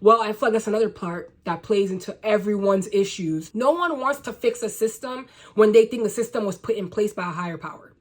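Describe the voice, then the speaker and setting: Young US woman, vlogger; blunt, sweary, sarcastic rant to camera. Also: medium pitch. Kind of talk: casual ranting monologue to camera.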